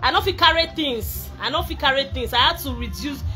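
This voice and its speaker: A young Nigerian woman chatting excitedly to fans on a live video, slipping between English and Pidgin and bursting into shouts and laughter. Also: high voice, a little fast, soft background music. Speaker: social media personality.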